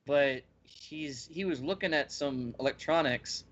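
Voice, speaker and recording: A man with a fairly high voice chats casually as a podcast co-host. He retells scenes with animated, acted-out energy. The audio is dull and slightly lo-fi. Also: measured pace. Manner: animated storyteller acting out scenes. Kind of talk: casual anime chat.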